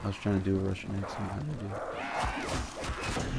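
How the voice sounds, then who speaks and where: A man's voice: medium pitch, measured pace, long pauses. A young man chatting casually and swearing while playing a video game with a friend. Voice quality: gravelly, swearing and laughing often. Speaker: gamer. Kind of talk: casual gaming banter. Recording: noisy game audio behind.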